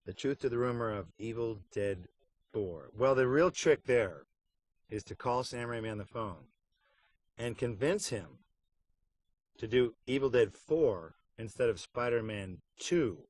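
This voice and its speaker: A man's voice: medium pitch, lively intonation, a little slow, dry recording. A middle-aged man in a casual behind-the-scenes interview, talking wryly and joking about voice work. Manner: wry, joking, puts on silly voices for anecdotes. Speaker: voice actor interviewed about a game.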